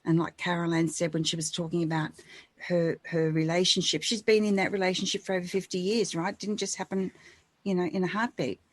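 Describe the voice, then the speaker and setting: A woman co-hosting a spiritual radio show, speaking softly and reassuringly. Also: lowish voice, little pitch movement, brisk, no room sound. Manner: soft-spoken and reassuring. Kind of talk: gentle spiritual encouragement.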